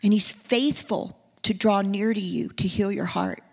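An earnest woman preacher delivers a sermon in a mid-range voice, her words trailing off into a long reverb. She moves from hushed, tender passages to rising, emphatic calls. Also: medium pitch, fairly even intonation, a little slow, creaky.

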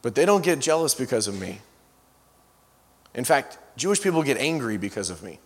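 A man's voice: medium pitch, big pitch swings, moderate pace, slightly rough. A man preaching to a congregation, working through stories and breaking off into restarts and side remarks. His voice carries a long reverb that rolls through a big hall. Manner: storyteller with frequent restarts and asides. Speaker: guest preacher. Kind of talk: storytelling sermon.

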